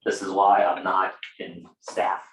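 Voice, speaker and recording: A man's voice: sits low, monotone, a little slow, fairly bright tone, echoey room, a little hiss or hum, low-quality recording. A man running a casual real estate training session for a small group, talking conversationally with fillers and asides.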